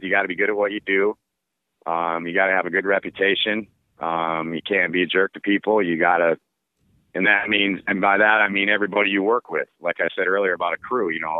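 A sports broadcaster answering interview questions in a relaxed, rambling way with lots of fillers. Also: male voice, lowish voice, no echo. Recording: tinny phone-like line.

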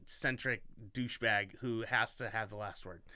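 Give me a man hosting a podcast, rambling and self-mocking, with a clear, resonant voice. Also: lowish voice, fairly even intonation, moderate pace, sharp tone, no echo. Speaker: podcast host. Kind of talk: casual chat.

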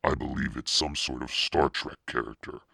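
Gravelly reader doing a creepy curt shop guy, super low, dry close mic. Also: fairly even intonation, normal speed, no room sound, full character voice. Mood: quiet. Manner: curt, quiet. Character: curt, strange man in black cape running a mask shop.

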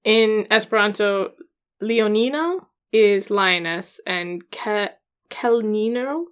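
A young woman co-hosting a casual podcast chat, talking with wry, deadpan asides. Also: medium pitch, takes it slowly, clean tone. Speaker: podcast co-host.

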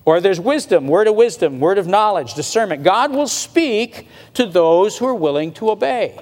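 A man preaching a sermon in a conversational way, slowing down to stress his points and rising in pitch when he gets emphatic. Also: animated, a little mellow, in a large hall. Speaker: pastor.

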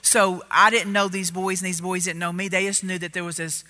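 A woman telling a story in a sermon, animated and loud, getting louder as she gets excited. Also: fairly low pitch, a little fast. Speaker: preacher. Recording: reverberant hall.

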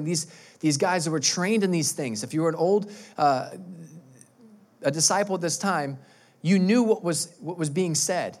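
A male pastor who preaches an animated, emphatic sermon and often repeats words. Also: fairly high pitch, moderate pace.

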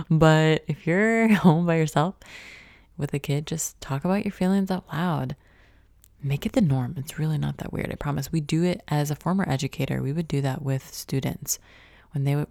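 A woman's voice: low voice, gravelly, darkish tone, no room sound, studio quality. A young adult woman hosting a podcast, talking reflectively and conversationally, asking many questions and sometimes dropping to a whisper. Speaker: podcast host. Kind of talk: reflective self-help talk.

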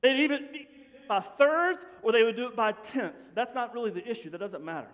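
A man preaching a sermon to his congregation in an animated, conversational way, often dropping to a hush. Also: very high voice, fairly quick. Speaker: pastor. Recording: long hall reverb.

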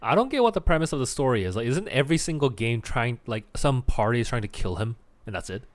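A man's voice: medium pitch, lively intonation, fast. A man co-hosting a casual gaming podcast who answers with short, wry remarks and moves the rundown along. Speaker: podcast co-host and streamer.

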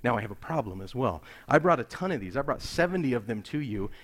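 A middle-aged man preaching a sermon as a pastor, acting out dialogue in an animated storytelling manner and sometimes dropping to near-whispers. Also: medium pitch, fast. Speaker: pastor serving missionaries.

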